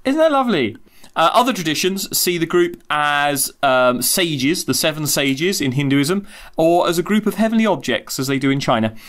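A man's voice: a little high, animated, moderate pace, a bit bright. A man co-hosting an astronomy podcast over a video call, telling myths in a cheeky, irreverent way with casual swearing. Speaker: co-host. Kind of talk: casual storytelling chat.

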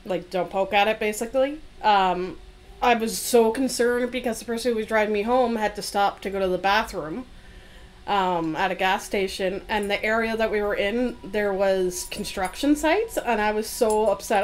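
A woman's voice: medium pitch, moderate pace. A woman hosting a live game stream, chatting casually and telling stories with animation and the odd swear. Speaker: streamer, host.

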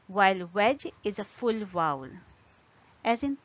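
A woman teaching an English pronunciation lesson, speaking deliberately and repeating example words carefully. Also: mid-range voice, lively intonation, no room sound, highs cut off.

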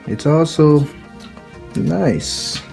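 A man's voice: fairly high pitch, drawn-out words, creaky, a little mellow. A man hosting a casual tech unboxing vlog, talking loosely and repeating "actually" and "like", recorded raw and unedited on a USB mic close to his mouth. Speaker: tech channel host. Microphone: USB desktop mic close to mouth. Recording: raw unedited mic audio, faint music.

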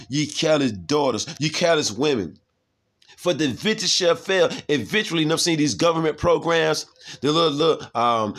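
A man's voice: on the high side, fairly bright tone. A man preaching from scripture in a heated, profane way, reading verses aloud and breaking in again and again to ask his listeners if they see. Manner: profane, heated, keeps asking "you see?"; reads verses aloud, then comments on them.

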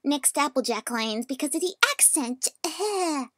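A woman voice actor chatting between takes in a lively, self-mocking way. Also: high voice, a little slow, dry recording, studio quality. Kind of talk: blooper outtakes, casual chat.

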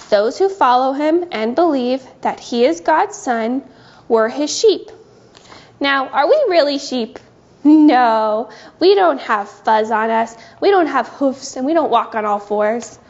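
High sing-song woman teaching little kids. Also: highs cut off. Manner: gentle, sing-song, speaking to small children. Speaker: children's teacher. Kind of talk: children's Bible lesson.

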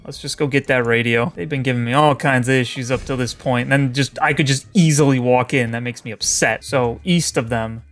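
A man commentating his own game playthrough, exasperated and excitable, often shouting at his companion. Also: mid-range voice, a little fast, hardly any pauses. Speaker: gaming streamer. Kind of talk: let's play commentary.

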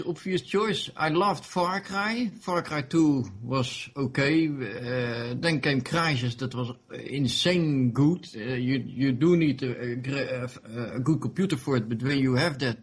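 A man's voice: mid-range voice, husky. A man being interviewed about his game mod, talking casually with many fillers and restarts. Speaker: interview guest, game modder.

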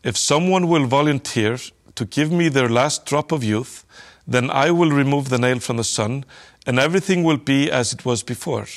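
Sly greedy space trader, as a male reader puts him on, smug sales patter, mid-pitched. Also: normal speed, close to an everyday voice.

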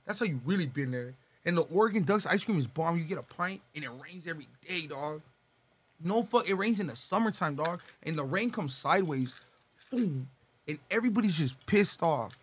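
A young man from Los Angeles, talking casually as a podcast guest, swearing and slangy, reeling off shout-outs. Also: fairly high pitch, expressive, brisk, breathy edge.

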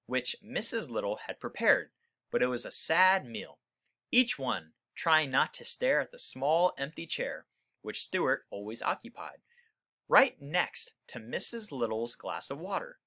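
A man reading a children's book aloud, pausing to explain words to young listeners in a friendly way. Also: medium pitch, sing-song, pushed and bright. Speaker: reader for children.

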